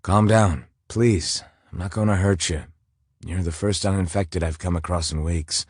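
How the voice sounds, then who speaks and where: A man's voice: deep voice, fairly even intonation, measured pace, breathy edge, no echo, studio quality. A narrator voicing a flirty protective man. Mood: coaxing.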